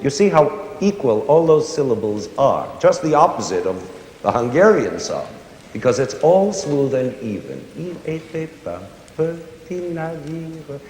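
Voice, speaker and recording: Animated man teaching in a concert hall. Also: mid-range voice, normal speed, a little hiss or hum. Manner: animated, sings and hums examples. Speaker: conductor giving a concert lecture. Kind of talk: explaining music to a young audience. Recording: roomy concert hall with long reverb.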